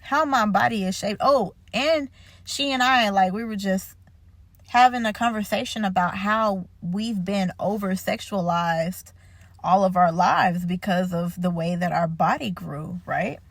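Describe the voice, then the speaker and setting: A young woman telling a story in a casual faith vlog, chatty and animated, laughing and full of fillers. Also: mid-range voice, unhurried, no room sound. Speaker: faith vlogger.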